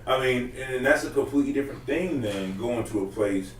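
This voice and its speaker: A man's voice: mid-range voice, a little fast, far from the mic. A man chatting casually in a loose, profane, rambling way. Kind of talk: casual podcast chat. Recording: roomy, off-mic, faint room noise.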